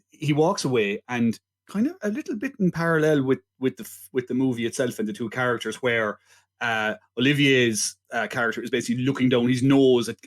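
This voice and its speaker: A man co-hosting a casual film podcast, telling stories in a joking, rambling way. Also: medium pitch. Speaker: podcast co-host.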